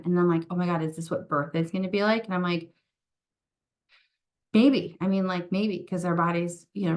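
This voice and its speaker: A woman guest on a podcast, talking candidly and reflectively in casual chat, acting out her own thoughts as quotes. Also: on the low side. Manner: candid, reflective, many fillers and acted-out quotes.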